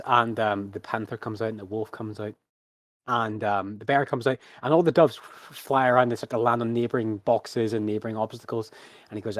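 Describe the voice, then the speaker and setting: This game master halts often and fills his narration of a tabletop game with fillers. He speaks at a fairly low pitch in a steady tone, with no room sound in the recording.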